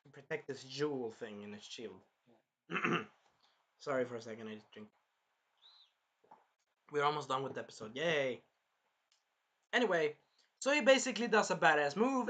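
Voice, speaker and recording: A man excitedly recapping an anime episode on camera, swearing, apologizing and acting out the scenes. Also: fairly high pitch. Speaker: anime reviewer.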